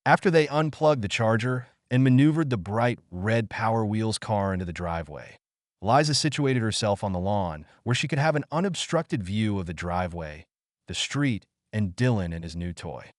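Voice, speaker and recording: A man narrating an audiobook with expressive storytelling. His voice is low and moves a lot in pitch. The recording is close and dry. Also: moderate pace, dry recording.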